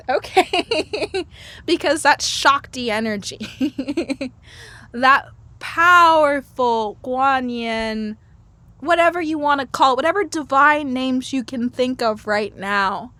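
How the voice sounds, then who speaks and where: A woman's voice: high voice, takes it slowly, sharp tone, dry recording. A woman guest in a casual interview, speaking playfully and laughing often. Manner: playful, laughs often, acts out inner voices. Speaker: podcast guest, herbal medicine lecturer.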